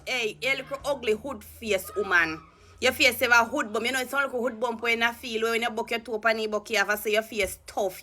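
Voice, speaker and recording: A woman's voice: on the high side, pushed and bright. Fiery Jamaican woman ranting. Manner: heated, profane and scornful. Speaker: political commentator. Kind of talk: angry political rant in patois.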